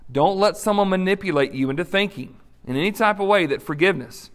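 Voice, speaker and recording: A man's voice: high voice, fast. A male pastor preaching in an earnest, direct, conversational way, with fillers. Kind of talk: sermon.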